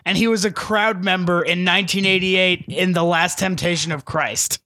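A man's voice: sits high, steady tone, moderate pace, sharp tone, no echo. A man hosting a comedy podcast, reading movie trivia and announcing segments. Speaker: podcast host. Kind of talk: casual comedy podcast banter.

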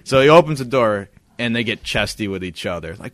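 A man's voice: mid-range voice, fast talker, hardly any pauses, no room sound. A man co-hosting a podcast, telling a story in casual chat, swearing a lot and acting out what people said. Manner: animated, profane, acts out quoted lines. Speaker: podcast co-host.

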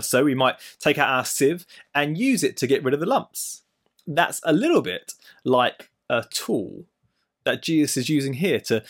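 A middle-aged man preaching a sermon, explaining a Bible passage with playful everyday stories and asides. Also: mid-range voice. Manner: lively storytelling with playful asides.

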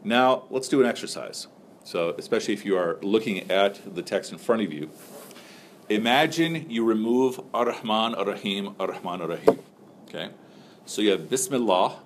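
A lower-pitched man teaches a class in a relaxed, chatty way, full of "so" and "like" as he jokes with the room and puts questions to his students. A faint hiss sits under his voice. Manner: joking, loose and conversational, many fillers like "so" and "like".

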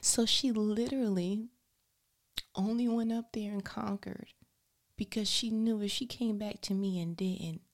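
A mother telling a story to her listeners in a casual, animated way, often dropping into a whisper. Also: medium pitch, unhurried. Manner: animated, expressive, talks directly to listeners.

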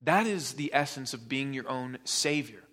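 Man preaching a relaxed, joking sermon. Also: mid-range voice, moderate pace. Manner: conversational, joking asides to the congregation. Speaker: pastor.

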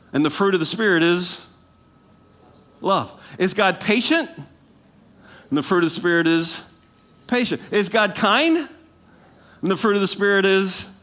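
A man preaching a sermon with animated, self-mocking asides that sink into quiet, intense passages. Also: high voice. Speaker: pastor.

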